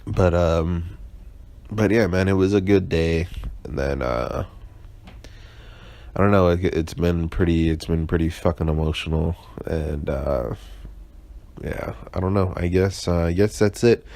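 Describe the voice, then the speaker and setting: A man's voice: low-pitched, a little slow, gravelly, pauses often, a little mellow, no echo. A young man hosting his own casual podcast, hungover, sarcastic, rambling and swearing constantly with lots of fillers and restarts. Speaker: podcast host. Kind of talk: casual solo podcast check-in.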